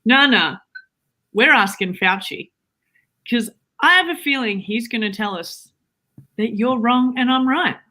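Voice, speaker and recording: A woman's voice: a little high, unhurried, long pauses, bright, forceful tone. A woman playing a blunt, teasing Australian wife who swears freely, in an improv comedy livestream.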